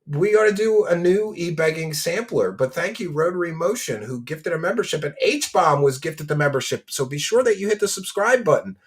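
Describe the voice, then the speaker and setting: A man's voice: fairly high pitch, animated, moderate pace, hardly any pauses. A man hosting a casual commentary stream, mocking his subject, laughing often and thanking donors by name.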